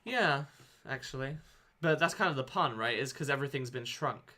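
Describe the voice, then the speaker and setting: A man chats loosely while hosting a game stream, laughing often between remarks. His voice is bright and forward, at a middle pitch, close to a desk microphone. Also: animated, normal speed. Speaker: streamer host. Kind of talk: casual chat on a game stream.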